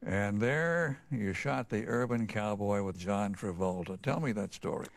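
A man hosting an interview, asking relaxed prompting questions. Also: lowish voice, a little slow, gravelly, slight background noise. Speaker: interview host.

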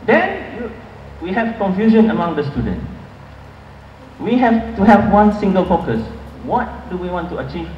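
Male conference speaker, high pitch, dull lo-fi hall recording. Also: very animated, normal speed, a little hiss or hum. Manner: earnest, emphatic, with filler restarts. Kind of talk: academic lecture. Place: large lecture hall. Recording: echoey hall, far from mic, dull.

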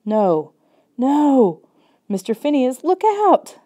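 A woman voicing a mischievous boy who shouts in panic after his runaway dog. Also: sits high, big pitch swings, takes it slowly, voice pushed up, full character voice. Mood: panicked.

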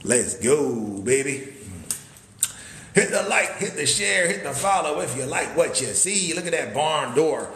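With background noise behind him, a man with a fairly high, expressive voice speaks unhurriedly while touring a wooden cabin on a hyped live sales stream. He moves around indoors, tossing out hype-man catchphrases and sudden whoops.

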